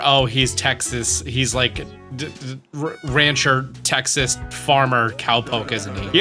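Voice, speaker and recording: A man's voice: medium pitch, normal speed, bright, forceful tone, soft background music. Jokey man narrating a game walkthrough. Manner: jokey asides. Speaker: let's play host.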